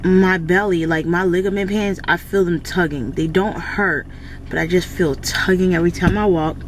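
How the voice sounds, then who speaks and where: A woman's voice: on the low side, moderate pace, a little hiss or hum, rough recording. A woman vlogging in a casual, chatty way, talking straight to her viewers. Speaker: lifestyle vlogger. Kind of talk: casual vlog chat to camera.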